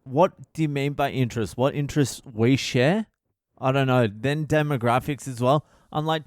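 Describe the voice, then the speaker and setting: Australian male comedian, middle-aged, sweary wry rant, smooth clear voice, dry close sound. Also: medium pitch, moderate pace, a little mellow, no room sound. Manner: profane, ranting, wry. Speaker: comedian and podcast host. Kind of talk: casual podcast monologue.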